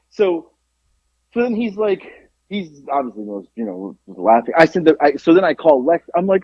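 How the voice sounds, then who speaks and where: A man's voice: on the high side, sing-song, moderate pace, gravelly, no room sound. A middle-aged man co-hosting a podcast, telling a funny story in casual chat, swearing and laughing often. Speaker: podcast co-host. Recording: dry, dull lo-fi sound.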